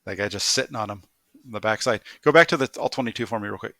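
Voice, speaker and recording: Quick, bright-voiced man breaking down game film. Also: on the low side, dry recording, clean studio sound. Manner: explains plays in detail, laughs often. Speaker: football analyst. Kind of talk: film review chat.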